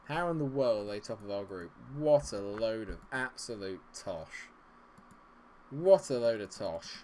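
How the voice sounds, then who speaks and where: A man giving running commentary as a streamer, exasperated and muttering, with loud outbursts. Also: on the low side, animated, a little slow, a little hiss or hum. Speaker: gaming streamer. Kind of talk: live game commentary.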